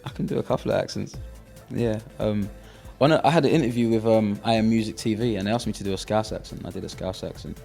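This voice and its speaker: A young man with a South London accent, a rapper being interviewed in relaxed casual chat, filling pauses with "you know". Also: fairly low pitch, vocal fry, faint music behind. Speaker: rapper guest.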